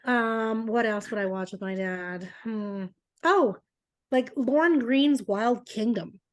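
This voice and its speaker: A woman co-hosting a casual chat podcast, telling lively family stories with laughter and acting out her dad's lines. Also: a little high, takes it slowly. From Canada. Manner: animated storyteller, laughs often, does voices of her dad. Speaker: podcast co-host.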